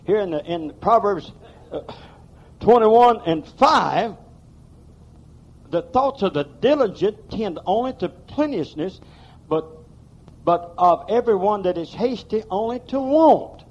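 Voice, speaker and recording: A man's voice: high-pitched, expressive, slow pace, long pauses, darkish tone, dull audio. A man preaching a sermon in a church, emphatic and folksy, with plain rural grammar. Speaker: pastor.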